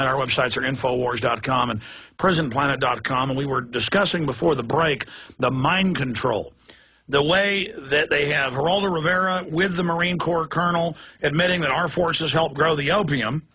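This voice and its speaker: A man hosting a talk show, ranting passionately and rapidly. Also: a little high, pushed and bright, a little hiss or hum. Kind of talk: heated political talk.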